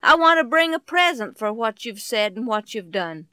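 A woman's voice: a little high, big pitch swings, moderate pace, sharp tone, clean tone, no echo. A woman voicing a humble, frightened young man, the youngest of a poor family, who stammers and pleads. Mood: eager.

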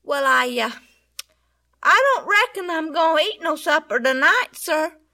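A woman's voice: high-pitched, expressive, unhurried, pushed and bright, pitched above the performer's own voice, full character voice. A woman voicing a poor, hungry young boy who stammers hesitantly and stays polite. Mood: timid.

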